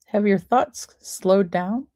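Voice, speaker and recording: A woman podcast host talking listeners through a breathing exercise in a slow, soothing way, counting the breaths aloud. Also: medium pitch, dark tone, no echo, studio quality. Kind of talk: guided breathing and wellness talk.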